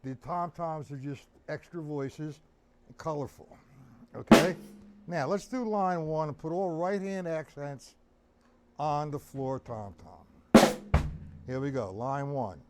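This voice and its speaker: A man with a slightly high voice gives a slow, patient drum lesson on a live stream. He counts the beats aloud and checks in with viewers by name. Loud drumming rings behind his voice. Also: over loud music. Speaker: drum teacher.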